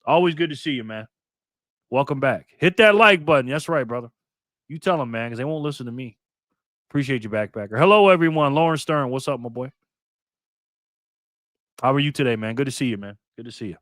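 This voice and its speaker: An older man runs a casual live stream, calling out viewers by name in bursts of loud cheer. In between he drops to low mutters while he works his phone, and his mid-pitched voice sits dry and close to the mic. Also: animated, fairly quick, long pauses, no echo.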